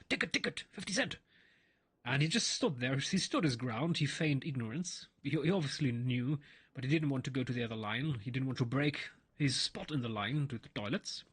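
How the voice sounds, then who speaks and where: A man's voice: medium pitch, husky. A man chatting casually while playing a game, rambling through stories with frequent restarts and asides. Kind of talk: casual gameplay commentary and storytelling.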